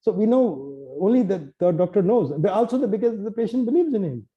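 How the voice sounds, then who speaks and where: Talkative poet guy, slightly high pitch, acts out the voices, kinda muffled recording. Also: a little fast. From Nepal. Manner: lively, acts out quoted dialogue, many restarts. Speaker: poet and translator. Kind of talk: animated storytelling in conversation.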